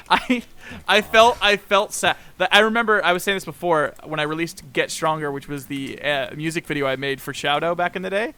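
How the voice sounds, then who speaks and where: A man guest on a casual podcast chat, telling stories in an animated way and laughing often as he acts out conversations. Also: a little high, fairly quick, slight background noise.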